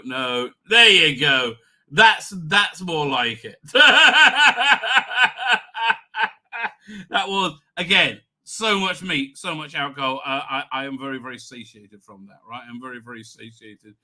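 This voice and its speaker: A middle-aged man hosting a live stream, tipsy and rambling with many halting restarts. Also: medium pitch, bright, forceful tone.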